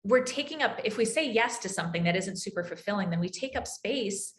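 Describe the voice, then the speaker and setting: A woman hosting a podcast interview, enthusiastic and quick to agree with her guest. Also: medium pitch, expressive, echoey room. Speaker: podcast host and coach.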